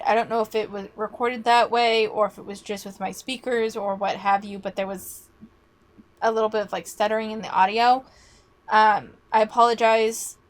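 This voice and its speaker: A woman giving casual reaction commentary on a podcast, talking bluntly and argumentatively, swearing freely, her voice starting to go hoarse. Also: on the high side.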